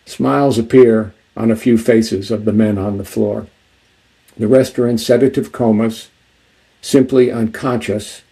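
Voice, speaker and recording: Male author, measured delivery, dark gravelly voice. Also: on the low side, poor audio. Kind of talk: book talk with reading.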